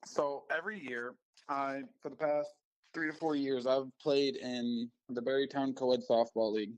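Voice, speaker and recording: A man speaks as a phone-in guest in a flat, even tone with little rise and fall, restarting his sentences as he goes. The line sounds dull and muffled. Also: mid-range voice, normal speed. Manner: earnest, with restarts. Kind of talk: casual chat.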